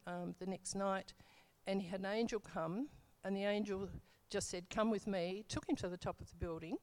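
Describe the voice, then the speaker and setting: A woman's voice: medium pitch, a little mellow. A middle-aged woman telling her church testimony in a casual, rambling way, full of fillers and self-corrections.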